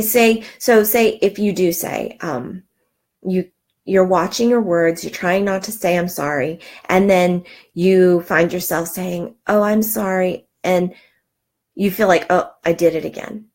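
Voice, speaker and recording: A woman's voice: medium pitch, darkish tone. A middle-aged woman giving an earnest, encouraging self-help talk, with frequent ums and restarts. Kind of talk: motivational talk.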